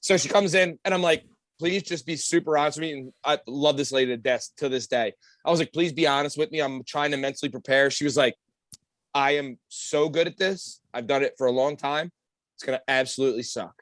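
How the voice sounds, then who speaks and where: A young man hosting a podcast, telling crude stories in an animated way with loud outbursts. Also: on the high side, fairly quick, no room sound. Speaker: podcast host. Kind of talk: casual chat.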